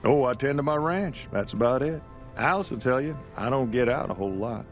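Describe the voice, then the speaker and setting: An actor voicing a weary middle-aged rancher in a small desert town, speaking in a plain folksy rural way, as video game dialogue with faint music behind. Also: male voice, mid-range voice, lively intonation, fairly quick, close to an everyday voice.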